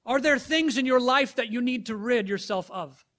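A man preaching a sermon, reading scripture aloud and then pressing the listeners with rhetorical questions, rising loud and dropping soft. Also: very high-pitched, normal speed. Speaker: pastor.

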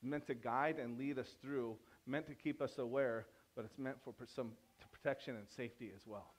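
A pastor giving a sermon in a conversational manner, teasing the congregation and turning emphatic with sudden quiet drops. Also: male voice, medium pitch, fairly even intonation, normal speed. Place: church.

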